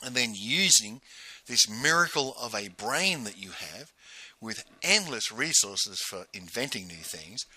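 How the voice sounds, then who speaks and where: Bright, animated man telling a story. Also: on the low side, unhurried, breathy edge, no room sound. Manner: animated, laughs while telling stories. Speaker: host. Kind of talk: casual storytelling monologue.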